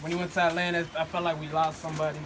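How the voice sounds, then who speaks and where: A man's voice: on the high side, level tone, rapid-fire, noisy background. A man in his twenties giving a loose, joking birthday toast, full of "um" and "you know what I mean". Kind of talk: casual party speech. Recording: loud crowd around.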